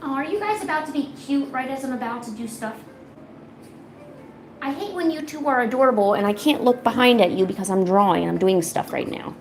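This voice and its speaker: A woman's voice: fairly high pitch, expressive, a little fast, a little hiss or hum. A woman chatting casually at home while painting, slipping into playful baby talk with her cats and teasing them. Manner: teasing, chatty, laid-back. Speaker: art streamer.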